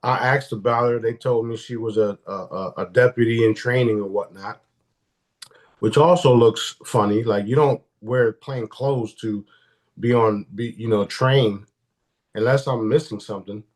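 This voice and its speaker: A man talks bluntly and swears freely as a guest on a live stream. He often restarts his sentences mid-thought. His voice sits at an ordinary middle pitch. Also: moderate pace. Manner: blunt and profane, with frequent restarts. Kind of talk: casual live-stream interview.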